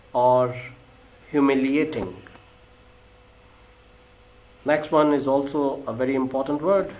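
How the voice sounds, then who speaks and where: Pakistani english guy lecturing on vocab, slow and careful, lists synonyms one by one. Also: mid-range voice, poor audio. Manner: deliberate, lists words one by one. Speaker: English teacher.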